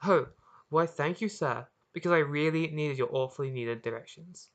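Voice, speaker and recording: A reader voicing a spirited, sarcastic high-born young British lady with a shrill voice, in an audiobook of their own story. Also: moderate pace, lightly acted. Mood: teasing. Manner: playful, sarcastic.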